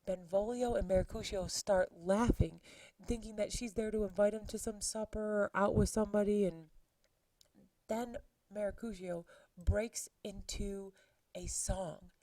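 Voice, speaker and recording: A woman's voice: mid-range voice, steady tone, measured pace, warm tone, recorded from a distance, low-quality recording. A woman teacher casually retelling a play scene, chatty with exclaimed asides to her students. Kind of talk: casual lesson summarizing a play.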